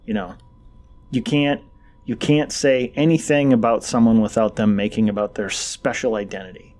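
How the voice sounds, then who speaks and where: A man's voice: mid-range voice, steady tone, moderate pace, a little mellow. A man co-hosting a casual political chat, blunt, mocking and profane.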